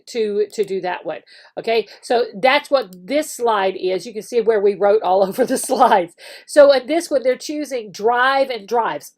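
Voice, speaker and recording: A woman teacher casually explaining how an online classroom works, with frequent fillers and restarts. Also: on the high side. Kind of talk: screen-share tutorial walkthrough.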